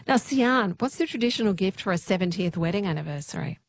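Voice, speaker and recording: A woman hosting a radio phone-in quiz, friendly and brisk as she reads messages and greets callers. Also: mid-range voice, lively intonation. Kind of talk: radio talk show hosting.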